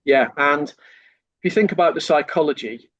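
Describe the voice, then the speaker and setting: A man's voice: a little high, moderate pace, a bit bright, dry recording, dull audio. A man, a sales trainer, explaining in a podcast conversation and acting out lines a customer might hear.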